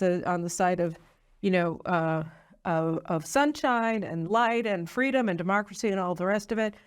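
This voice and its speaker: A woman's voice: mid-range voice, clear, resonant tone. Opinionated woman hosting political commentary. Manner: opinionated, many "you know" fillers. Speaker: host.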